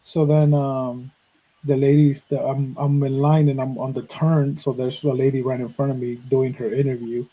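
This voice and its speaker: Podcast host, man, 30s, from Mexico; mellow, husky tone; swears freely while narrating and acts out quoted lines. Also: medium pitch, normal speed, rough recording. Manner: profane, animated, acts out quoted dialogue. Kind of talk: casual storytelling.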